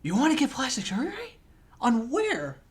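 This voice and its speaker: A man's voice: very high-pitched, wildly swooping pitch, moderate pace, slightly rough. A young man hosting a casual chat, talkative and self-deprecating, peppering his sentences with "man". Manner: chatty, self-deprecating, says "man" a lot. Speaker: host.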